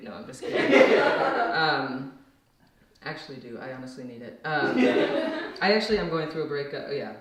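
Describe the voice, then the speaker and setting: A young woman from the rural Midwest doing a stand-up set, rambling and self-deprecating with lots of fillers and restarts. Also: low voice. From rural Minnesota / Wisconsin. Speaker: stand-up comedian. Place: comedy venue with audience laughter. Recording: very echoey distant room mic, loud noise. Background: audience laughter.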